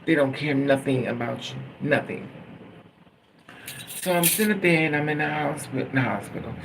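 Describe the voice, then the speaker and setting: A man's voice: on the high side, animated, normal speed, gravelly, background noise. A man telling a personal story in a casual, rambling way, swearing freely and laughing at his own telling. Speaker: storytime vlogger.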